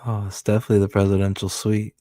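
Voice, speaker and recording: A low-pitched man riffing over clips in casual commentary, crude and mocking. He blurts out quick reactions in a dry, close sound with no room around it. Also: monotone, dark tone, no echo.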